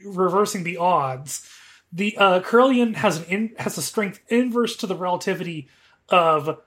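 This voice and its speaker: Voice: mid-range voice, animated, moderate pace, a bit bright. A podcast co-host in casual chat, playfully spinning joking fan theories.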